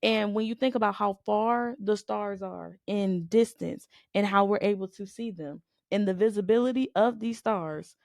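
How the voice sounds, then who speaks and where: A woman's voice: medium pitch, moderate pace, vocal fry, hardly any pauses, no echo, studio quality. A woman co-hosting a faith podcast. She preaches in a conversational way, stressing her points with repetition and rhetorical questions, and keeps asking "you know what I'm saying?". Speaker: podcast co-host.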